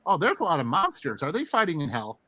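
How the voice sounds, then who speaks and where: Jokey man with a bright, dry voice. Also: fairly high pitch, huge pitch swings, fast, no echo, poor audio. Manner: jokey, talks over others, rambling fillers. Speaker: co-host. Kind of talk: casual livestream chat.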